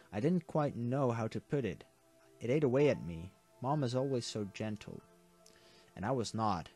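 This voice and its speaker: A man's voice: mid-range voice, darkish tone, slightly rough. A man reading a visual novel aloud for a let's play, earnest but stumbling and correcting himself now and then.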